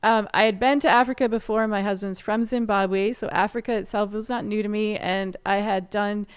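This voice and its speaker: A woman artist and photographer from Canada, telling her story in a casual interview in a lively way and laughing often. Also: medium pitch, normal speed, clear, resonant tone.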